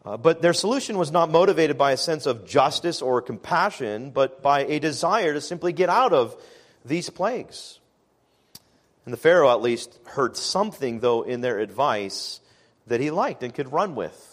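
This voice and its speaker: A man preaching a sermon as pastor, measured and emphatic, slowing down to stress key phrases. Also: fairly high pitch, expressive.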